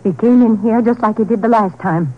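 A woman's voice: fairly high pitch, a little fast, lightly acted. An actress playing an anxious wife who insists someone wants her dead, in 1940s radio acting on a tinny old broadcast. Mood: insistent, fearful. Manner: insistent, fearful, later flat and hopeless. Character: anxious married woman convinced she is being hunted. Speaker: frightened wife.

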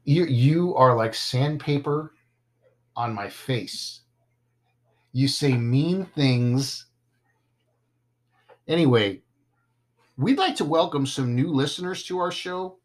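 A man's voice: a little high, expressive, measured pace. A man hosting a casual podcast, joking and stumbling over his words now and then. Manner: playful, self-deprecating, stumbles over words. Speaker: podcast host.

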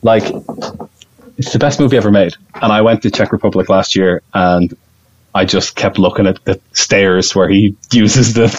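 Low-voiced excitable man, dull lo-fi sound. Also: normal speed. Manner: excitable, rambling, laughs often. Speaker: podcast guest, actor. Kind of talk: casual podcast chat.

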